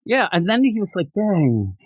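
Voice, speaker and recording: A man's voice: sits high, big pitch swings, normal speed, a bit bright, no room sound, studio quality. A man co-hosting a comics podcast in casual review chat, joking and swearing casually. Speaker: podcast co-host.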